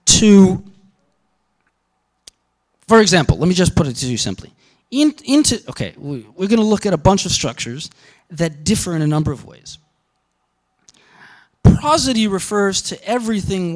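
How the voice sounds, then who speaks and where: A man lecturing on linguistics to a class, thinking aloud with frequent restarts and fillers as he explains ideas. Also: sits high. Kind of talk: university lecture.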